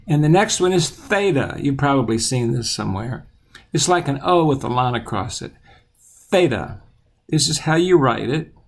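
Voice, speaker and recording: Patient man teaching letters slowly. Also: medium pitch, lively intonation, gravelly. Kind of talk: children's alphabet lesson.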